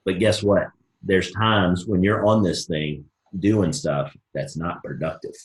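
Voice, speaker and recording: A man leading a live motivational coaching call, energetic and acting out both sides of sample conversations. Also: low voice, takes it slowly, roomy sound. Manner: energetic, folksy, acts out both sides of dialogues. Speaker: network marketing team leader.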